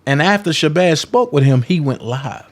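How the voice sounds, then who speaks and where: A man's voice: fairly high pitch, animated, moderate pace. A man giving confrontational, profane commentary, calling people out in a heated rant. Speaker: commentary vlogger.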